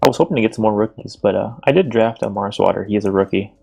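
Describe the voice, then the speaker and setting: A man with a low, gravelly voice chats casually as a team captain during a streamed league draft. He talks in a relaxed, halting way, often restarting his sentences. Faint music plays underneath.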